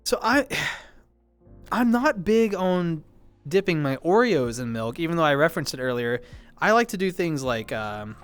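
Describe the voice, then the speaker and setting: A man with a fairly high, smooth voice, chatting casually on a livestream as he answers viewers. He rambles and restarts his sentences, apologizes often, and laughs easily. Soft music plays faintly behind him. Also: very animated. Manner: rambling, self-correcting, quick to apologize and laugh. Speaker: livestreamer reading chat.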